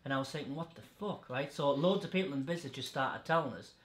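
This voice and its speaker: Male podcast host, blunt and sweary, mid-pitched, echoey room. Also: animated, fast talker. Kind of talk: casual chat.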